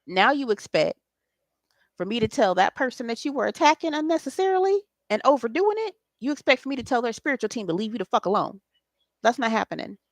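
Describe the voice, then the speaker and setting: A woman's voice: fairly high pitch, sing-song, quick pace, dry recording, studio quality. A woman, hosting a spiritual late-night talk in an impassioned, preachy way and swearing freely. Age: 40s. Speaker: spiritual host.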